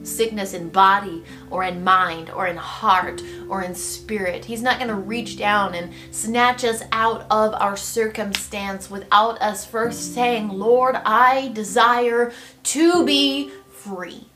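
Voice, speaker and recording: A woman delivers a devotional Bible teaching at an unhurried pace, reflective and gently expressive. Her voice sits at an ordinary middle pitch, with soft guitar music playing faintly behind her.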